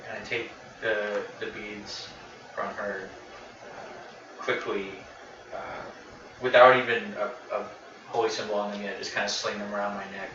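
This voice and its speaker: Gentle low-voiced player, far and echoey. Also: male voice, little pitch movement, measured pace, a little hiss or hum. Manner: gentle, reassuring. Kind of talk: in-character tabletop play. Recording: distant, echoey lo-fi recording.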